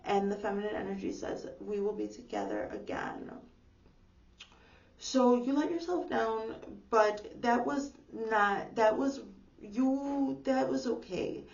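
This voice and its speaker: A woman giving a casual, gentle tarot reading, reassuring her viewers and filling her talk with "like". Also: a little high, unhurried. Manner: gentle, reassuring, uses lots of "like". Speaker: tarot reader. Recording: echoey room, distant dull mic, faint hum.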